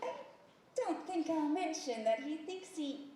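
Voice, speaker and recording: A woman in a community stage play playing Shelley, a friendly married neighbor who talks in a warm, chatty way and laughs easily. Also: sits high, animated, a little slow, a little hiss or hum. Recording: echoey hall picked up from far off.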